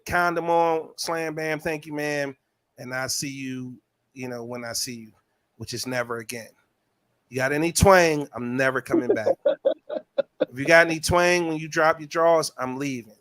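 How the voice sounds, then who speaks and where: A man hosts a podcast in loose, crude chat, reading listener comments aloud in a voice. His voice sits a little high for a man. The delivery is animated and profane. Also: moderate pace, smooth. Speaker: podcast host. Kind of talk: casual chat.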